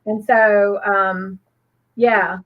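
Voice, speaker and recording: A woman's voice: medium pitch, little pitch movement, drawn-out words, muffled recording. A woman, co-hosting a casual crochet livestream, rambling earnestly with many fillers and restarts. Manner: earnest and grateful.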